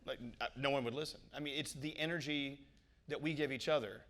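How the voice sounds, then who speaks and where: A radio host, telling stories in an animated, jokey way on stage before a live audience. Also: male voice, medium pitch, a little fast. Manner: animated storyteller, jokey and profane. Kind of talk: stage interview.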